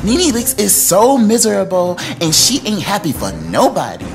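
A man putting on a high, indignant diva voice, punching each line dramatically. The pitch sits well above his own speaking voice. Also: wildly swooping pitch, moderate pace, gravelly, soft background music, full character voice. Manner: dramatic, emphatic reading. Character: impression of a reality star reading her post.

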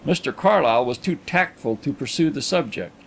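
A man narrating a classic detective story in an even, lowered reading voice. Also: fairly quick, vocal fry. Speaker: audiobook narrator.

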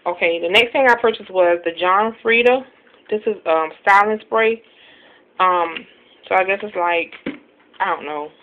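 A chatty woman walks through a grocery haul at a brisk, self-deprecating clip, scattering ums as she goes. Her voice sits at an ordinary middle pitch. The sound is thin and phone-like, with a faint hiss underneath. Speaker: couponing vlogger showing a grocery haul. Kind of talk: casual haul video talk.

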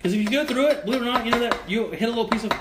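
A man hosting a live cooking show, talking in an animated, emphatic, joking way while he cooks. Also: very high voice, rapid-fire, echoey room, heavy background noise. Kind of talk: live cooking demo chat.

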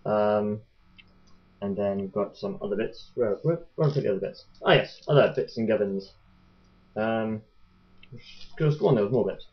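A man's voice: lowish voice, normal speed, long pauses. A young man chatting casually as he unboxes a toy boat, rambling and joking to his webcam. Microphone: webcam mic. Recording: dull lo-fi webcam audio.

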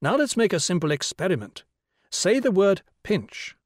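A patient young teacher , as read by a man, talks a class through an idea, with brisk explanations and a light, raised voice. Each point lands with a questioning lift. The voice is dry and close. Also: on the high side, animated, a little mellow, no room sound. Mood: lecturing. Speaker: schoolteacher. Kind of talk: audiobook character reading.

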